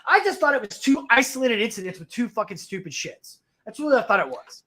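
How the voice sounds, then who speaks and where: A man telling a story in casual chat on a call-in show. He swears freely and acts out the other people in his stories with lively changes of voice. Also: very high-pitched, a little fast. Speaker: guest on a call-in talk show.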